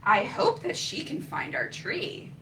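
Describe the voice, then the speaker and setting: A woman's voice: medium pitch, wildly swooping pitch, slow pace, a bit bright, distant mic, pitched below the performer's own voice, full character voice. A woman voicing hungry baby birds who chirp and fret while they wait in their nest. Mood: worried. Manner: chirping, worried. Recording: faint room noise, voice from off-mic.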